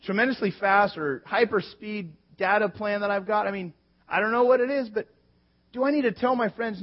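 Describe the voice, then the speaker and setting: A man's voice: high-pitched, moderate pace. A man in his thirties preaching a sermon, telling a personal story in a conversational way with quoted asides. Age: 30s. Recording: slightly dull lo-fi sound.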